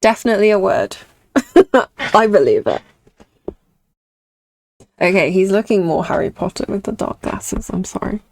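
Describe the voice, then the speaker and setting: A woman's voice: medium pitch, expressive, moderate pace, creaky, pauses often, darkish tone, slight background noise. A young British woman chatting casually with her viewers while drawing on stream, reading chat and laughing often. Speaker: artist streamer.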